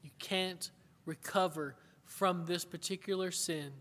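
A man's voice: high-pitched, fairly even intonation, measured pace, bright, forceful tone. Preaching man in an echoing hall. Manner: earnest, conversational preaching with rhetorical questions. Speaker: pastor. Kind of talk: sermon. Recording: long hall reverb.

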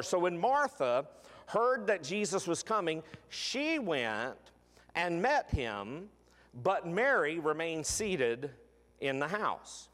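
A man's voice: fairly high pitch, very animated, slow, fairly bright tone, in a large hall. A man preaching a sermon in a conversational way, with frequent fillers and restarts.

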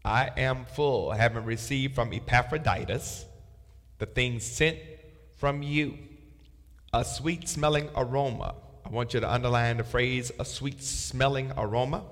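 A man's voice: medium pitch, fairly bright tone, long reverb tail. A man leading a Bible study, reading verses aloud and telling listeners what to underline and circle. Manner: reads scripture aloud with marking instructions. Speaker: pastor.

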